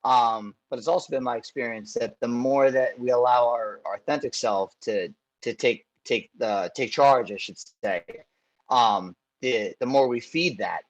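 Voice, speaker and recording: A male fitness coach hosts a summit conversation at an ordinary mid pitch. He speaks reflectively and pauses to search for the right words. His tone is plain and even. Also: highs cut off.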